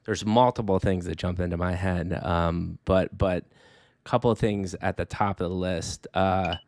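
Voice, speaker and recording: Deep voiced podcast host guy, earnest, lists his points, dry sound. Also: steady tone, normal speed, darkish tone, no echo. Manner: earnest, listing his points, swears casually. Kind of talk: casual podcast chat.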